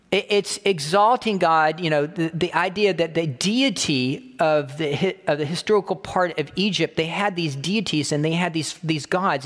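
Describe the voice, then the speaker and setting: A man preaching a sermon, emphatic and repetitive, slowing down to quote scripture. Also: fairly high pitch, long reverb tail. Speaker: pastor.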